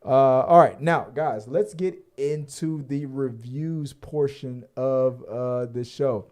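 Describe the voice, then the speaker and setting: A man's voice: medium pitch, takes it slowly, a little mellow. A man co-hosting a casual podcast, rambling with many fillers and restarts and the odd curse. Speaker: podcast co-host. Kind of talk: casual chat.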